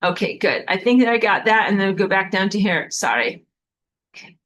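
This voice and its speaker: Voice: mid-range voice, expressive, moderate pace, a bit bright, a little hiss or hum, poor audio. A spiritual teacher talking casually on a livestream, rambling with many fillers and the odd swear word, reading viewer comments aloud and apologizing often. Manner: rambling, with frequent fillers and profanity.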